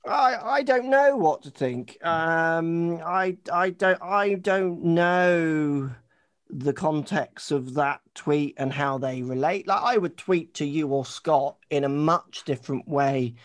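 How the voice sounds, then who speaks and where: British guy on a golf podcast, kinda high voice, rambles and jokes around. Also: slow. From United Kingdom. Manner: joking, rambling, sarcastic. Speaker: podcast co-host. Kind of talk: casual chat.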